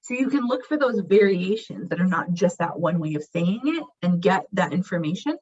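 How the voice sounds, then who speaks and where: A woman's voice: lowish voice, animated, moderate pace, darkish tone, husky. A woman giving a recorded presentation on language teaching, talking in a conversational way and acting out short example phrases. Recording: muffled lo-fi recording.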